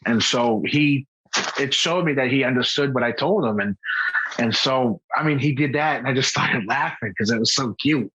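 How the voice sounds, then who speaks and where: Husky-voiced man, halting and earnest. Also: mid-range voice, fairly bright tone. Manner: halting, earnest, with frequent restarts. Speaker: podcast guest. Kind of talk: candid personal conversation. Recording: dull lo-fi podcast audio.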